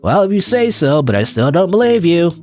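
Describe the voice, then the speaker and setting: A man's voice: high-pitched, sing-song, fairly quick, darkish tone, faint music behind, voice pushed up. A man voicing a nosy teenage boy classmate with a mocking manner.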